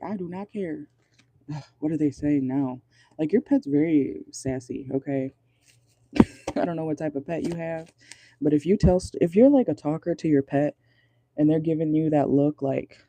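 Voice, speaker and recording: A chatty man runs a casual tarot reading, talking in a dark, mellow voice that sits a little high for a man. He sounds amused throughout, and his voice is close and dry, recorded in a car. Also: no echo. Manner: chatty and amused, laughs often. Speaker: tarot reader. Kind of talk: casual pick-a-card reading.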